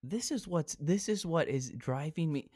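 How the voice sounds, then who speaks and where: A man's voice: a little high, animated, measured pace, a little mellow, husky, dry recording, clean studio sound. A man in his twenties hosting a podcast from home on a headset, chatting casually, brash and teasing, swearing freely. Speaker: podcast host. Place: home, recording virtually.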